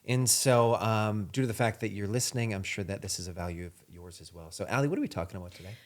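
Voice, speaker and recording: A man's voice: lowish voice, fast. A man from Minnesota co-hosting a podcast in a casual, joking, playful way. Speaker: podcast co-host.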